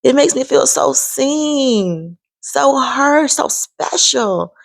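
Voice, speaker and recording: A woman's voice: high-pitched, expressive, very slow, vocal fry, dry recording. A woman in her forties sharing an emphatic, heartfelt faith testimony in a vlog. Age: 40s. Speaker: vlogger.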